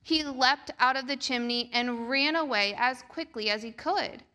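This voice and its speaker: A woman reading a picture book aloud to children during a church service, slow and expressive. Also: sits high. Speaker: children's storyteller.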